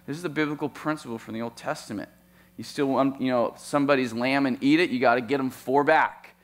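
A man preaching a sermon, animated, with playful asides and sudden swings between loud and soft. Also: medium pitch, fast. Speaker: pastor.

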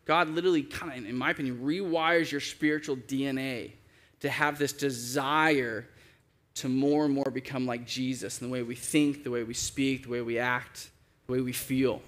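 A man preaching a sermon as a pastor, conversational and lively, acting out the voices he quotes. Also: normal speed. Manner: conversational, acts out quoted voices with big pitch jumps.

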